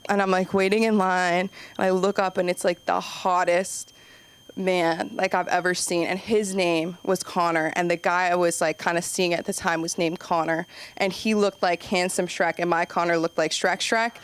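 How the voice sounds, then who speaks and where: A woman's voice: lowish voice, flat delivery, moderate pace, smooth. A woman doing a stand-up comedy set on a club stage, chatty and self-deprecating, with lots of "like". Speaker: stand-up comic and show host.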